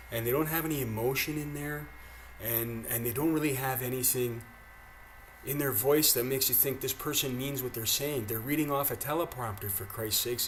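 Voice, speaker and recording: A man's voice: medium pitch, a little hiss or hum. A man from Canada reacting to news clips with angry, profane, mocking commentary.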